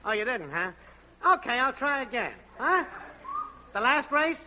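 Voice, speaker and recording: A man playing a brash, wisecracking network technician in a 1940s radio comedy, with loud wise-guy patter. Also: extremely high pitch, big pitch swings, unhurried, full character voice. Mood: bossy. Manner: loud brassy wise-guy patter, repeats a singsong test call. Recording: dull old radio broadcast with faint hiss.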